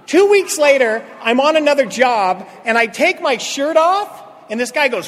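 A man sharing his recovery story at a meeting, an animated storyteller who acts out quotes and swings from loud to hushed. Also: very high-pitched, normal speed, hardly any pauses. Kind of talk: personal recovery testimony. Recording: long hall reverb.

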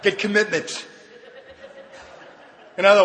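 An older man giving a personal testimony at a recovery convention, telling his story with shouted punchlines and sudden quiet drops. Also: sits high, moderate pace, crowd noise. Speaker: recovery meeting speaker. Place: large convention hall. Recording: reverberant hall recording with faint ambience.

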